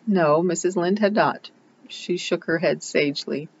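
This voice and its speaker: A reader narrating a classic novel in steady, plain storytelling. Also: medium pitch, measured pace, muffled recording, a little hiss or hum.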